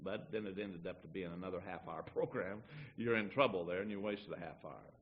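A man's voice: deep voice, brisk, narrow, tinny audio. A man preaching a folksy sermon to his church, acting out little everyday dialogues as he teaches. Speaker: pastor.

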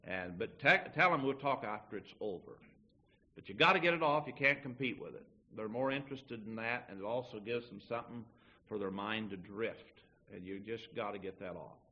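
A man's voice: on the low side, moderate pace, dull audio. A man preaching a folksy sermon to his church, acting out little everyday dialogues as he teaches. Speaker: pastor.

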